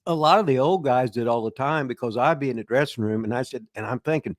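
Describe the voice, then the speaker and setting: An older man spins rambling stories in a casual live chat, his voice sitting in a middling pitch. He stops and restarts often, leaning on fillers and chuckling now and then. The sound is close and dry, with no room around it. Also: quick pace, few pauses, no echo. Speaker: host, veteran wrestler and former booker.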